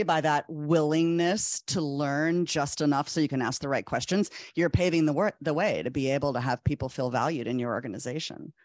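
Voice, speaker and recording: A woman speaking as a panel guest, earnest and animated, telling a story with quick restarts. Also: sits low, dry recording, studio quality. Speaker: clinical psychologist speaker. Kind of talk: conversational panel talk.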